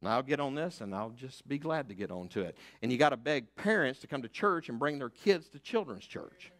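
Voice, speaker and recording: An older man, preaching a sermon as pastor, emphatic and fiery, rising to loud declarations and dropping to hushed asides. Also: mid-range voice, lively intonation, brisk. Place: church sanctuary.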